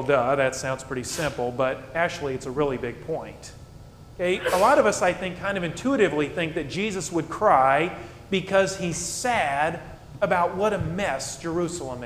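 A slightly high-voiced man delivers a sermon in a reverberant church hall, with a faint rumble underneath. He leans on rhetorical questions, dropping soft and low, then pushing up loud and emphatic. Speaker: pastor.

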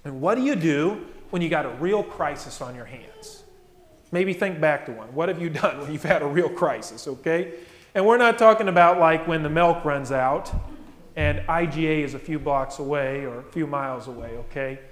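A man's voice: a little high, lively intonation, normal speed. A man preaching a sermon as pastor, speaking in a conversational way and often asking the congregation rhetorical questions. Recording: echoey hall with long reverb.

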